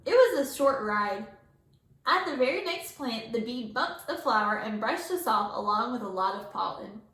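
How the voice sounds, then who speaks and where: A woman teacher reading a picture book aloud to her class, with lively character voices. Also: on the high side, normal speed. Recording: echoey room.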